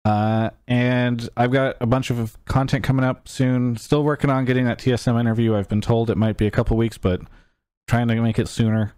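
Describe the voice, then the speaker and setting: A man's voice: mid-range voice, steady tone, fairly quick, darkish tone, clear, resonant tone, no room sound. Male podcast host, wry and teasing, dry close-mic sound, casual wrap-up chatter. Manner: wry, teasing, mock-exasperated. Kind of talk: casual show wrap-up chat.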